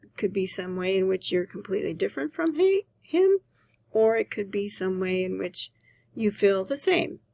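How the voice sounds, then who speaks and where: Woman, writing teacher, patient explanation, mid-pitched voice, gravelly, dry close sound. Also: lively intonation, normal speed, darkish tone, dry recording. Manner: patient, explanatory, checks understanding with "right?". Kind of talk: recorded class lecture.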